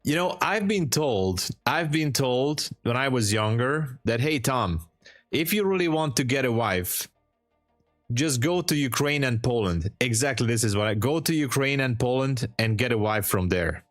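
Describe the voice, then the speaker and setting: A man hosts a live trading stream, chatting casually with viewers, laughing often, and offering encouraging advice. His mid-range voice has lively intonation and a moderate pace, with soft music in the background.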